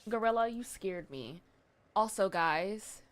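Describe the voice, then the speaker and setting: A woman's voice: medium pitch, animated, takes it slowly. A young woman streaming live, chatting casually with her viewers and reading chat aloud, swearing now and then.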